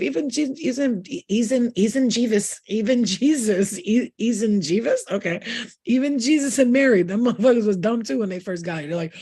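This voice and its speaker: A woman's voice: mid-range voice, mellow, husky. A woman hosting a spiritual channel in a casual late-night live chat from her bed, joking and swearing a lot and laughing often. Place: in bed at home.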